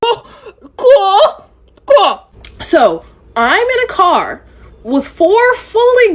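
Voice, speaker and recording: A woman recounts a wild date in a storytime vlog. Her voice is high and strikingly lively, leaping up and down as she dramatizes each moment, with an exasperated edge. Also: slow.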